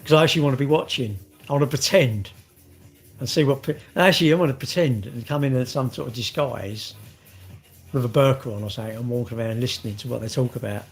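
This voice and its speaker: A man's voice: medium pitch, fast talker, faint music behind. A middle-aged man, rambling in casual vlog chat, swearing and joking. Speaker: vlogger.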